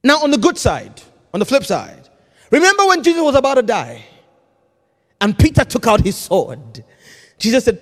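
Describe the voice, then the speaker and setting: A man preaching a sermon, swinging between hushed intensity and shouting. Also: very high voice, sing-song, moderate pace, big-room sound.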